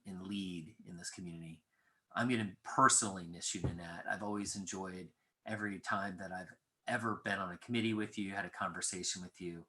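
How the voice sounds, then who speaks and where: A man, a college president, giving an earnest, measured tribute speech to a retiring colleague. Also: low voice, bright, forceful tone. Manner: earnest, measured, with frequent fillers.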